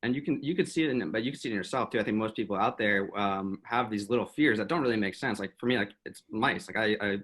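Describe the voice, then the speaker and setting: Fast-talking, husky New man. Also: on the low side, fairly bright tone. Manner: reflective, quick with short agreeing sounds. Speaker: podcast host. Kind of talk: casual chat.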